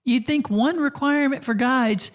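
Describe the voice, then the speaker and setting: A woman's voice: high voice, normal speed. A woman hosting a podcast, telling stories in casual conversation and laughing often as she goes. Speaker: podcast host.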